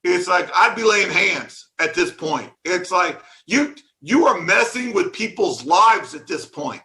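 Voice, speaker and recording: Male conference speaker, high bright voice, sarcastic and animated rant on stage. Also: unhurried. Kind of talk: conference talk.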